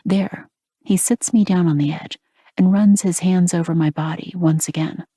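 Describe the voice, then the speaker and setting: Woman narrator, romance audiobook, husky half-whispered delivery, deep voice, dead-dry close mic. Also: steady tone, normal speed, warm tone, no room sound. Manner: breathy, half-whispered intimate reading.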